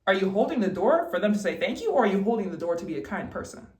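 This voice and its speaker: A woman's voice: medium pitch, big pitch swings, rapid-fire, darkish tone, reverberant. A young woman in a casual vlog, emphatically giving advice straight to the viewer while getting ready at home. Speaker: vlogger.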